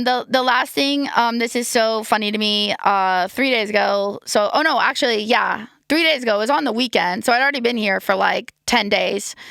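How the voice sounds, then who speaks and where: A woman's voice: medium pitch, creaky, a bit bright, dry recording, clean studio sound. An American woman hosting a casual solo podcast, hungover and rambling, with lots of "like" and "um". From United States. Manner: rambling and chatty, full of "like" and "um". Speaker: podcast host.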